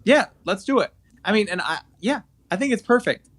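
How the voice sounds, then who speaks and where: A man's voice: high-pitched, expressive, a little fast, a bit bright. A young man co-hosting a casual podcast over a video call, teasing and matter-of-fact. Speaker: podcast co-host. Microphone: remote video call mic.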